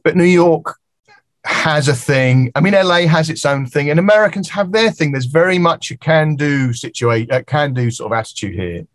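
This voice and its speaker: A man's voice: fairly high pitch, moderate pace, no echo. A middle-aged man, a music producer who is a guest on a podcast and talks freely, acting out the voices of people in his stories. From England. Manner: lively storyteller acting out quoted voices. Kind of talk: casual podcast conversation.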